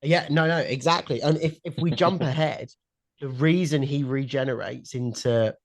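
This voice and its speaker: A young man co-hosting a podcast in casual chat, excitable and blunt, swearing freely. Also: medium pitch, moderate pace, no echo. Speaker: podcast co-host. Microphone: headphones and mic at home.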